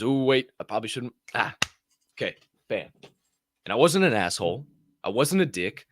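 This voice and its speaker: A middle-aged man co-hosting a podcast, telling stories casually with lots of swearing and loud acted-out quotes. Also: mid-range voice, no echo, studio quality. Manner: animated, profane, acts out other people's voices loudly. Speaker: podcast co-host. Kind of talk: casual storytelling.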